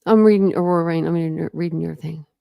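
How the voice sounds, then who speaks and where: Gravelly true crime streamer. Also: medium pitch, steady tone, quick pace, no room sound, lo-fi sound. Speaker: true crime channel host. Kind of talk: casual live-stream chat, reading viewer comments.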